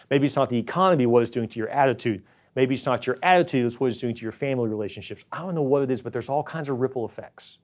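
A middle-aged man preaching a sermon as pastor, earnest and encouraging, now and then acting out worried voices. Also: a little mellow. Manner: earnest, acts out worried voices in a higher pitch.

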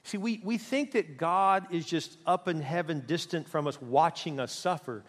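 A middle-aged male pastor preaching with passion, his fairly high voice leaping from loud, quick bursts to hushed, slow lines. The sound carries a long hall reverb around him. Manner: passionate preaching with big swings in loudness and pace. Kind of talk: sermon.

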